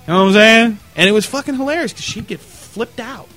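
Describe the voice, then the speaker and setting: A man co-hosting a casual podcast, telling stories in a loose, profane, animated way. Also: high voice, brisk, soft background music. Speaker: podcast co-host. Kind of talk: casual chat.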